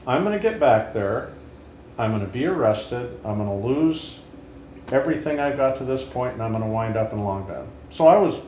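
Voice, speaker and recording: An older man in his seventies recounts his own story with halting, earnest restarts. His voice sits at an everyday pitch and is captured in a roomy space with a faint hiss behind it. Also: a little mellow. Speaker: interview host and Vietnam veteran. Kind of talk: candid storytelling and interviewing.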